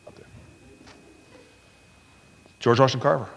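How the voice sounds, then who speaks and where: Pastor preaching in a big reverberant hall. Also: male voice, medium pitch, fairly even intonation, a little slow, gravelly, fairly bright tone. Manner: storytelling, acting out quotes in a raised voice. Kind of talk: sermon.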